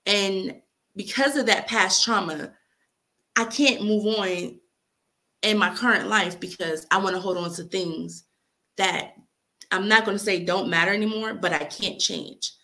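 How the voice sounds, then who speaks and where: A woman's voice: mid-range voice, a little slow, pushed and bright. A young adult woman reading aloud a heartfelt letter she wrote, speaking earnestly and with emotion. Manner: earnest, heartfelt, near tears at times. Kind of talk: emotional spoken-word reading.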